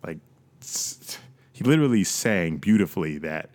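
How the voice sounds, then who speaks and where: Deep-voiced young man, joking casually. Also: normal speed. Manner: joking, loose and profane. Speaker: podcast co-host. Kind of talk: casual chat.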